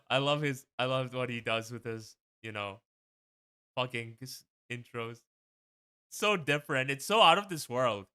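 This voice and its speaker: A man's voice: medium pitch, measured pace, bright, forceful tone, clean tone. A young man hosting a casual watch-party stream, rambling and swearing freely as he talks.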